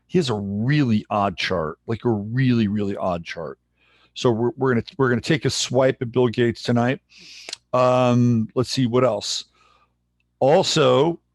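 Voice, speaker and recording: A man hosting a livestream in casual chat, relaxed and rambling as he greets viewers. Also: medium pitch, no room sound. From San Jose, California, USA. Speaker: livestream host.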